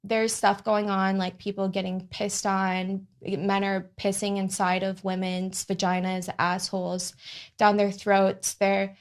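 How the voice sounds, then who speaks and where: Woman guest in an interview, halting and hesitant, lots of ums. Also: mid-range voice, flat delivery. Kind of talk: candid interview answers.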